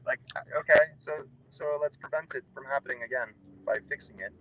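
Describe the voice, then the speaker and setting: Driving on a road trip, a young man chats casually in a rambling, wry, offhand manner, his mid-range voice fairly quick with a bright, forceful tone. The recording is rough, and faint road and vehicle noise can be heard.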